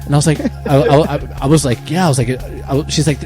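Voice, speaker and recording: A man's voice: mid-range voice, fast, hardly any pauses, soft background music. A man co-hosting a casual podcast, telling stories with a lot of laughter and acting out the people he quotes. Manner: animated storyteller, acts out the people he quotes, laughs often. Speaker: podcast co-host. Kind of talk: casual chat.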